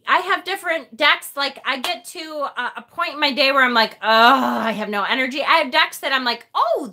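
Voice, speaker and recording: Bright, high-voiced chatty woman livestreaming. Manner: chatty and self-deprecating, laughs often, swears casually. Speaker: tarot reader hosting a livestream. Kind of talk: casual livestream chat, reading viewer comments.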